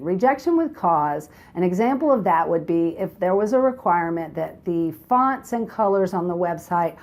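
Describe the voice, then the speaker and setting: A woman's voice: on the low side, a little mellow. A woman hosting a short instructional video, explaining in a friendly, direct way. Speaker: host.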